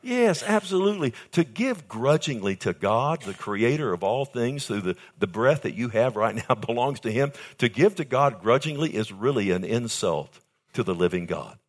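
Animated older male preacher. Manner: emphatic preaching with sudden high pitch jumps and slowed key phrases; calls out to congregation with "amen" and "loved one". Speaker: pastor. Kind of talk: sermon.

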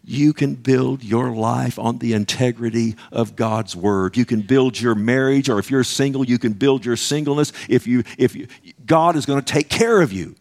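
A man's voice: mid-range voice, moderate pace, vocal fry, darkish tone. A man preaching a sermon, emphatic and conversational, often asking the congregation "Amen?" and acting out little dialogues.

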